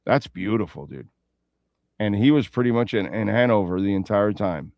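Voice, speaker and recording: A man's voice: lowish voice, moderate pace, no room sound, highs cut off. A man hosting a sports radio show in a casual, rambling way, with playful asides and betting talk. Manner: reads sponsor ads and betting lines.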